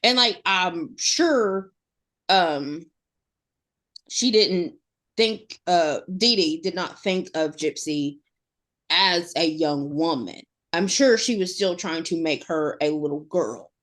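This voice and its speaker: An adult mother co-hosts a podcast in a lowish, expressive, fairly bright voice, speaking slowly. Her casual chat rambles, full of fillers and restarted sentences.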